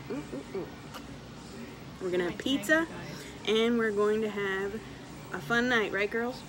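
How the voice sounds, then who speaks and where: A woman vlogging on a handheld camera, gushing, swearing and exclaiming with excitement. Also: fairly high pitch, unhurried, pauses often, noisy background. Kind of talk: excited travel vlog. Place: hotel room, restaurant, outdoors.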